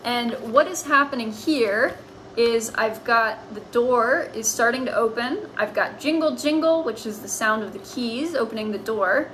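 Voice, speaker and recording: A woman's voice: fairly high pitch, unhurried, fairly bright tone, slight background noise, low-quality recording. A woman teaching a lesson on writing comics, explaining patiently as if to children.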